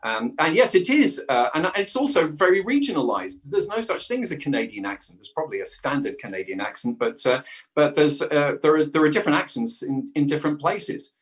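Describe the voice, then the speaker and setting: A man's voice: fairly high pitch, sing-song, fairly quick, a bit bright. A man with a South London accent, chatting as an interview guest and actor, talkative but hesitant, restarting sentences often. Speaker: guest, improv actor and voice-over artist. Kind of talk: casual interview chat.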